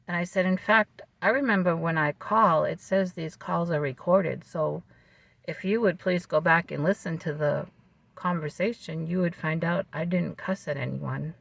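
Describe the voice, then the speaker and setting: A vlogger telling a personal story to camera in a calm, measured way, with fillers and restarts. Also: medium pitch, creaky, no echo.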